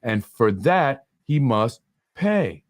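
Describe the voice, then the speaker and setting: A man's voice: medium pitch, very animated, slow, no echo, clean studio sound. A man hosting a political talk show, indignant and full of rhetorical questions. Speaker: host.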